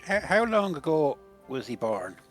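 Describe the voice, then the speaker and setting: A man's voice: on the high side, very animated, unhurried, fairly bright tone, soft background music. A man taking part as a player in a tabletop game, wry and joking in casual chat.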